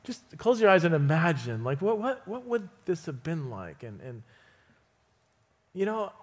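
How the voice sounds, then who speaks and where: A guest speaker preaches a sermon in a church auditorium through a stage mic, his voice high for a man and slightly rough. Unhurried yet full of lively energy, he tells stories, acts out the quoted voices and chuckles often.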